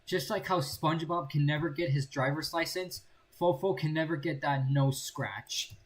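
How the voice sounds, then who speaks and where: A man's voice: fairly high pitch, moderate pace. Playful young male gaming commentator. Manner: playful, rambling, jokey. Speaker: gaming channel host. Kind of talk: casual gameplay commentary.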